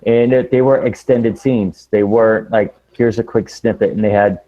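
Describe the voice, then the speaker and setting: A man co-hosting a casual wrestling podcast over an internet call, talking like an excitable, easily distracted fan. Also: on the low side, normal speed, lo-fi sound. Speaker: podcast co-host.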